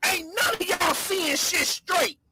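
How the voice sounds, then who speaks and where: Woman host, very high and bright voice, loud mocking livestream roast. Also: slow pace, a little hiss or hum. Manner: loud, mocking, shouting insults. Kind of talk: insulting livestream rant.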